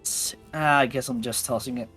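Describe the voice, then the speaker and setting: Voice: medium pitch, steady tone, normal speed, fairly bright tone, breathy edge. A stream host reading game event text aloud and thinking aloud while playing a card game with friends, with faint music behind.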